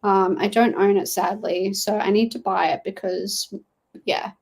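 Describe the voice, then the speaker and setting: A young woman chats loosely and warmly with viewers during a reading livestream, reading their comments and rambling with plenty of "um" and "like." Her voice sits at a plain middle pitch for a woman, gravelly with a breathy edge, at a measured pace. It's a rough recording that sounds like a relaxed home stream from a small study, as befits a booktuber.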